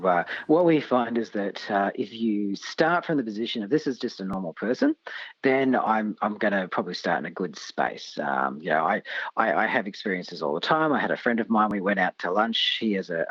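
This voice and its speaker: A man's voice: lowish voice, husky, dry recording, muffled recording. An Australian man, a disability sector expert, speaking as a guest in a radio interview and telling stories animatedly. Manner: animated storyteller, acts out quoted voices.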